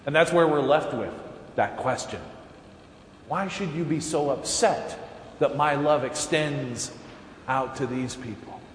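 A man's voice: a little high, a little slow. A male pastor preaching a sermon as a folksy, chuckling storyteller. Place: large church sanctuary. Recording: echoey church hall with faint room noise.

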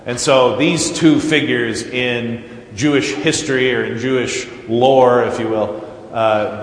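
A male pastor delivering a sermon in an unhurried, halting way, filling gaps with fillers and dropping wry asides. His voice rings out in a large echoey church with a faint hum of ambience behind. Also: mid-range voice. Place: church sanctuary.

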